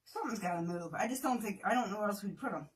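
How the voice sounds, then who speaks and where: A woman's voice: mid-range voice, fast talker, far from the mic, a little hiss or hum. A woman hosting a live workout, chatting and joking with viewers while counting reps aloud and working through the exercises. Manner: breaks into playful off-key singing. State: exercising, at times strained. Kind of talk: casual livestream workout chat.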